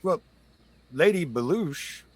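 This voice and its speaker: A man voicing a pompous, panicky manservant with shrill, indignant outrage. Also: expressive, slow pace, over a noisy crowd. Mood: huffy.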